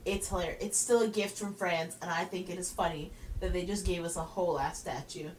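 A woman's voice: lowish voice, steady tone, brisk. Laughing woman podcaster in an echoey room. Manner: laughing, joking, slips into mock French accent. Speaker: podcast co-host. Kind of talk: casual comedic chat. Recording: echoey room, distant mic, faint noise.

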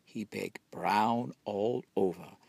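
A man reading a children's picture book aloud in a slow, expressive storytelling manner. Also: lowish voice, gravelly, breathy edge, no echo. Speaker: storybook reader.

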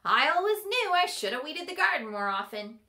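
A woman's voice: high-pitched, big pitch swings, moderate pace, pushed and bright, voice pushed up, heavily acted. Woman reading a defiant, stubborn teenage girl. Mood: teasing. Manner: blunt, teasing.

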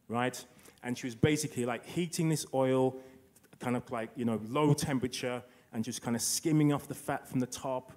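Guy on a panel telling a personal story, mid-pitched voice, restarts a lot, acts out the quotes. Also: steady tone, a little mellow. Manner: anecdotal, acts out quoted dialogue, halting restarts.

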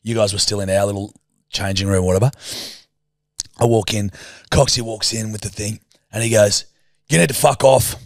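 A man's voice: fairly low pitch, little pitch movement, moderate pace, pauses often, no echo, clean studio sound. A young Australian man co-hosting a podcast, telling sweary stories in casual chat. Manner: sweary, storytelling with put-on voices. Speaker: podcast co-host.

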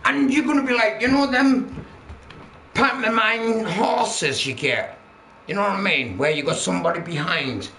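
In a high, creaky, sharp voice at a moderate pace, a man rants angrily during a livestream, swearing constantly while heckling and mocking viewers. The recording has a roomy echo and a faint hum of background noise.

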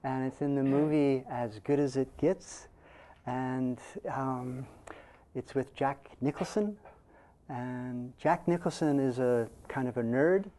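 A man gives an academic presentation to a live audience, his voice mellow and warm at a middling pitch. He explains patiently, pausing often to toss out a questioning "okay?" to keep listeners with him. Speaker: conference presenter.

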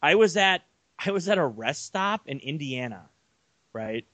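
A young man co-hosting a casual sports podcast, telling long rambling stories with animated energy. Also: a little high, a little slow, dry recording. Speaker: podcast co-host.

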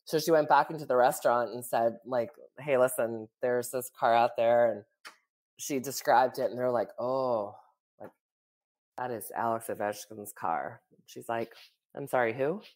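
Woman podcast co-host, very deep voice, chatty storyteller, laughs often. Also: unhurried, darkish tone. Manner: chatty, full of "like" and "you know", laughs often. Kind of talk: casual storytelling chat.

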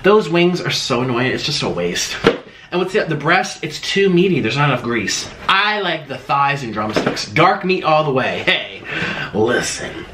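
A man's voice: fairly high pitch, sing-song, normal speed, echoey room, background noise. A man hosting a casual eating vlog in a playful, theatrical, sing-song manner. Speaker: mukbang host.

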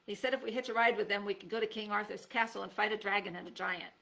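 A brash, impulsive young boy from a storybook who blurts out his ideas bluntly, as a woman reading aloud plays him. His voice is bright with a gravelly edge. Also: medium pitch, fairly even intonation, quick pace, poor audio. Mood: eager.

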